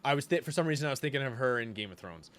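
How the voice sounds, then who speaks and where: A man's voice: mid-range voice, racing. A man co-hosting a podcast, retelling scenes in casual chat with lots of swearing and fillers. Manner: animated, profane retelling with many fillers. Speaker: podcast co-host.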